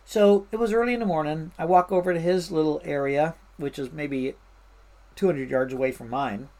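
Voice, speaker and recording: A woman recounts her firefighting days in an easygoing, chatty way. She stops and restarts often, fills pauses with ums and you-knows, and slips into the voices of the people she quotes. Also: low-pitched. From Washington State. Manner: animated anecdotes with fillers and restarts, mimics voices. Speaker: interview guest, firefighter. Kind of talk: casual storytelling.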